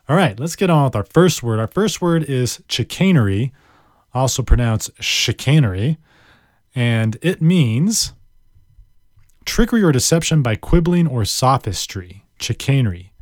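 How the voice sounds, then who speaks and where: A man leads a laid-back vocabulary lesson, lingering playfully over each word and tossing in self-mocking asides. His pitch leaps up and down with lively energy. The sound is dry and close, with no room around it. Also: moderate pace, dry recording. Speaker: podcast host.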